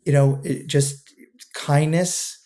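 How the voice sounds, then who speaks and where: A man with a slightly high, steady, warm voice speaks slowly as a podcast guest and two-time founder. In casual interview chat he talks earnestly, often repeating words while he gathers his thoughts.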